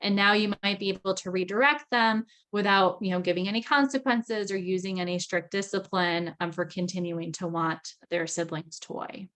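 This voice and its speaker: A woman in her thirties giving a parenting training talk, chatty, with frequent "right?" checks, acting out parent and child lines in a lively voice. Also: mid-range voice, moderate pace, few pauses. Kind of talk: recorded training lecture.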